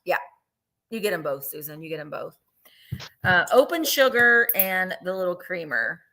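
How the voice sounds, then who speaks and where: A woman's voice: on the low side, big pitch swings, moderate pace, pushed and bright. A woman hosting a live online vintage sale, chatting and gushing over each piece while counting down bids. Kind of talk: live online sales chat.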